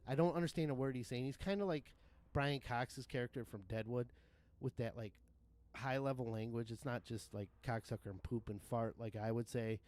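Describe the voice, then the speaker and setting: A man's voice: medium pitch, moderate pace, darkish tone. A man in his thirties or forties, rambling casually and profanely while streaming a game, with frequent laughs. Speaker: livestream gamer. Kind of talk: casual gaming commentary.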